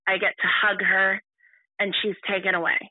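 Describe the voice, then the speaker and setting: A woman guest on a podcast, telling a personal story in a halting way, full of restarts and fillers. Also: medium pitch, little pitch movement, dry recording. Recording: tinny phone-like line.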